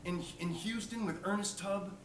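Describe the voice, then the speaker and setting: A man's voice: high voice, normal speed, slight background noise, natural voice. A man quoting a cheerful, chatty ninety-seven-year-old who fondly recalls old shows, recorded from a distance in an echoey room. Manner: fond, eager old-timer recalling shows.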